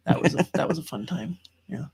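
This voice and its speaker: A man chatting casually, telling family stories with lively voices for the people in them. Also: a little high, fairly quick, vocal fry, slightly rough. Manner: animated storyteller, acts out his mother's voice. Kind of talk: casual chat.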